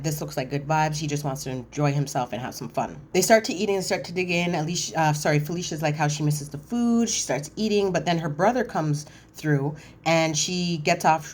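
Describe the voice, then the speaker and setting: A woman casually recapping a reality TV episode, chatty and animated, acting out cast members' lines and correcting herself as she goes. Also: deep voice, slight background noise. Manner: animated, quotes cast members in voiced asides; chatty, frequent fillers and self-corrections.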